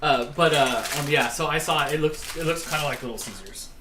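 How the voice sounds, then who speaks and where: Brief: woman with a very low voice, rambling, hesitant co-host, noisy home kitchen. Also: fairly quick. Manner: rambling, hesitant, many fillers. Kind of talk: casual chat while cooking. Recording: home recording with background noise.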